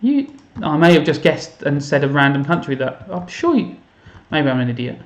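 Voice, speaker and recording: A man's voice: fairly high pitch, sing-song, normal speed, reverberant, dull audio. A man chatting casually on a live stream while playing a game, self-mocking and thinking aloud to his viewers. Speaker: teacher streaming to students. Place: home room.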